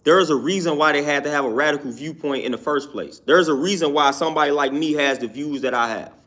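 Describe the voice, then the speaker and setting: He's a fast talker with a fairly high, fairly bright voice, a YouTube commentator airing opinions casually on his own show. He's emphatic, repeats himself, and often asks "you know what I'm saying."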